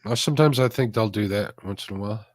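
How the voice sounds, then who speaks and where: A man's voice: lowish voice, fast, dry recording. Easygoing man reading chat comments. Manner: easygoing, reads viewer comments, chuckles. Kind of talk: casual chat while fishing.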